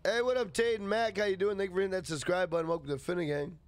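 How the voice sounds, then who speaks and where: A man's voice: high voice, fairly even intonation, very fast. A man casually live-streaming a game, greeting chatters by name and swearing freely.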